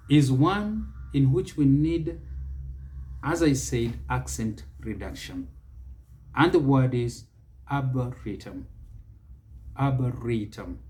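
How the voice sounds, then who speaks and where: Male teacher with a Kenyan accent, mid pitch, mellow and unhurried, drills each word over and over. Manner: slow, deliberate, repeats each word several times. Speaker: pronunciation teacher. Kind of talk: English pronunciation lesson.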